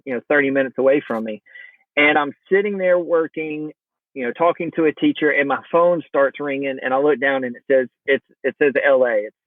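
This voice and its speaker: A man's voice: medium pitch, no room sound. A man, a podcast guest, telling a story in casual conversation and acting out the dialogue of the people in it. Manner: animated, acts out quoted dialogue. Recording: tinny phone-line sound.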